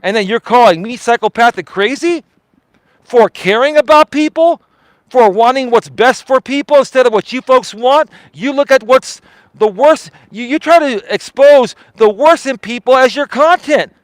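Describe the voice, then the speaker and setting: A man with a high voice rants on his live stream, swearing and hammering the same point over and over. He projects hard for emphasis, and the sound is close and dry. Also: moderate pace, no echo, low-quality recording. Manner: confrontational, profane, emphatic and repetitive. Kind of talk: heated live stream rant.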